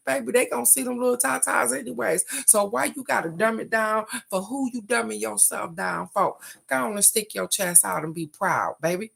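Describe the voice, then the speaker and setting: A woman's voice: on the high side, a little fast, gravelly, hardly any pauses, fairly bright tone. An older woman, chatting casually and folksily as a host, laughing often and stretching words for emphasis. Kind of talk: casual card-reading chat.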